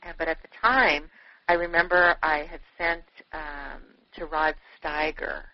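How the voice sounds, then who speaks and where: A woman author, a guest being interviewed, telling stories in an animated, effusive way, full of "you know" fillers. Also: sits low, unhurried. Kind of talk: chatty interview storytelling. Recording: dull, dry lo-fi radio audio.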